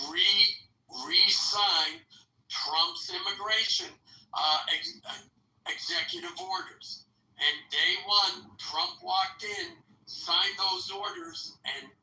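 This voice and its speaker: A man's voice: high voice, vocal fry, sharp tone, far from the mic. A man hosting a political podcast in casual chat, rambling with crude asides. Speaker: podcast host. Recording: roomy echo, off-mic, faint background hum.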